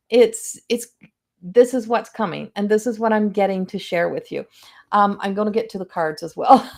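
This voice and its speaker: A middle-aged woman talks casually to viewers on a livestream from home, her voice in a middle register. She is chatty and animated and often slips into quoting other people. It sounds like a webcam mic in a home room. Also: mid-range voice. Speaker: psychic medium hosting a livestream.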